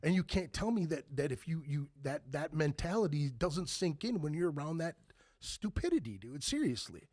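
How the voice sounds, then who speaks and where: A man in his forties, a band member guest on a podcast, telling stories in a lively, profane way and loudly acting out what people said. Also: fairly high pitch, moderate pace, no room sound. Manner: animated, profane, acts out quoted lines loudly. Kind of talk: casual podcast storytelling.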